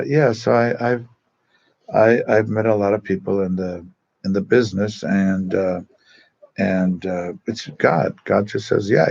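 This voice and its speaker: Chatty, gravelly-voiced priest. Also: male voice, on the low side, a little mellow, highs cut off, slight background noise. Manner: chatty and digressive, full of asides. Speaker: Catholic priest. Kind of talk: casual storytelling talk to a parish group. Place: church.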